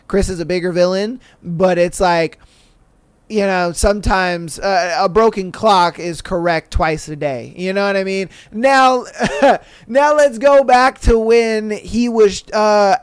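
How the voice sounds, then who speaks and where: A man's voice: high-pitched, smooth, no echo. A man hosting a podcast, giving a casual, blunt, profane recap with mocking impressions. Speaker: podcast host.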